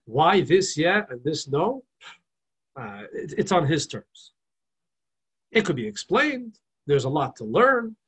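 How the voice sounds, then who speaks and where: A man with a somewhat high, husky voice leads a relaxed religious class. He talks in an animated, storytelling way, tosses out rhetorical questions and often restarts his sentences. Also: slow, pauses often, poor audio. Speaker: rabbi teaching a class. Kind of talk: casual religious class lecture.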